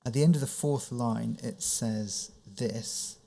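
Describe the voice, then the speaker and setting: A male counsel questions a witness at a formal hearing, speaking in a measured and careful way. He reads out document references and puts each question precisely. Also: mid-range voice, gravelly, dark tone. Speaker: inquiry counsel.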